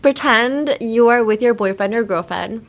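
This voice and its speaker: A young American woman with a fairly high voice hosts a bilingual podcast at a normal speed. She teaches in a casual, playful way, giggling as she switches between English and Japanese.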